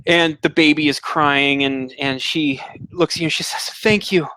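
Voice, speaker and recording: A game master narrating a tabletop adventure scene, describing it at length and filling pauses with ums and uhs. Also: mid-range voice, fairly even intonation, bright, forceful tone, clear, resonant tone, no echo, low-quality recording.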